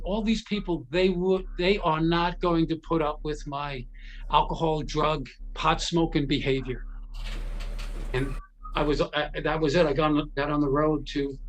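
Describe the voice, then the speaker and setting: High-voiced man telling animated stories. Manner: animated, acts out quoted voices, frequent restarts. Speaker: guest, guitar repair technician. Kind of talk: anecdotal storytelling in a conversation.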